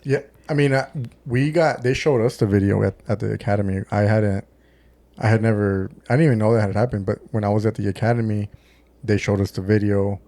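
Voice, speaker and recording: A man's voice: on the low side, steady tone, brisk, mellow, no room sound. A man with a West Texas accent telling a story on a podcast, swearing often and using lots of "like" and "dude". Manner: swears often, acts out quotes with many "like" and "dude". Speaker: podcast co-host, former deputy. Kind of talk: casual storytelling chat.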